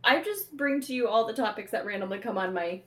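Giggly high-voiced young woman. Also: lively intonation, quick pace. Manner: giggly, laughs often. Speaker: podcast co-host. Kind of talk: casual chat.

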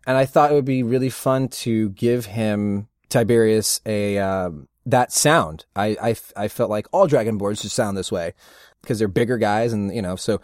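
A middle-aged man, a voice actor, chatting casually as an interview guest and telling rambling, animated stories with frequent laughs. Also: lowish voice, normal speed, no echo, clean studio sound. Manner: rambling, animated storyteller who laughs often. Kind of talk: casual anecdotal chat.

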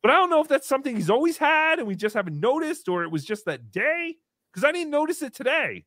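A man in his thirties hosting a livestream, reading donations and joking around in a casual, animated way. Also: very high-pitched, quick pace, no room sound. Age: 30s. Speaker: livestream host.

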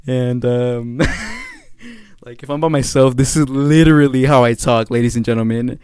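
A young man hosts his own podcast in a casual solo monologue, rambling and slang-heavy, laughing frequently and sounding a little tired. His medium-pitched voice has huge pitch swings, a measured pace and a slightly mellow, clean tone, with no room sound.

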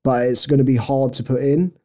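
Young male podcast co-host, warm low-toned voice, self-mocking and giggly. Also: steady tone, a little fast. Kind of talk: casual storytelling chat.

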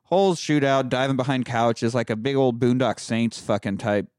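A man telling a movie's plot in loose, profane podcast chat. His voice sits at a middle pitch and sounds dry and close, with little room around it. He jumps between storytelling and jokes. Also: normal speed, dry recording. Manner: animated storytelling with crude humor. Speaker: podcast host recapping a film. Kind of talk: casual chat.

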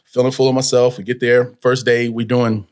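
A man from California, a guest on a podcast, telling an animated story and acting out every voice in it, with loose and profane talk. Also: medium pitch, moderate pace. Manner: acts out every voice in his stories, swears freely.

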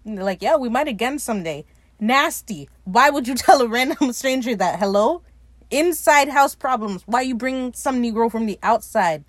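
A woman's voice: fairly high pitch, normal speed, dry recording. A woman giving a casual, sassy recap of a TV episode, laughing often and swearing freely as she retells scenes. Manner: animated, laughing often, retelling scenes with playful quoted voices. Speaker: recap podcaster.

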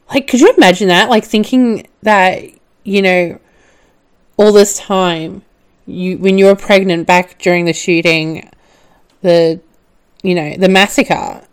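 A woman hosting a podcast, recapping a film casually, laughing often and swearing when excited. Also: medium pitch, clean tone. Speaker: podcast host.

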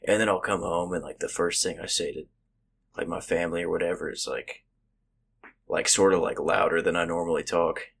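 A man co-hosting a podcast, chatting casually in halting, filler-heavy talk. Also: low-pitched, steady tone, gravelly, fairly bright tone, husky. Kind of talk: casual chat.

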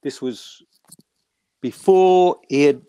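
A man, a session musician guest, telling animated stories with many stammered restarts. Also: fairly high pitch, takes it slowly, clean tone, dry recording. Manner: animated storyteller, acts out quoted voices. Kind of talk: casual anecdote telling.

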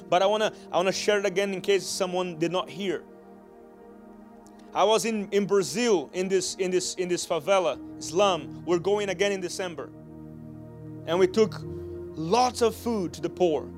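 Man, pastor, sermon, high voice, earnest storytelling, repeated restarts, builds to shouts. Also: moderate pace, faint music behind.

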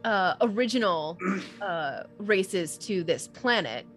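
A woman's voice: mid-range voice, expressive, slow, a bit bright, faint music behind. A woman taking part in a tabletop role-play game, thinking aloud with hesitant questions. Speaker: player.

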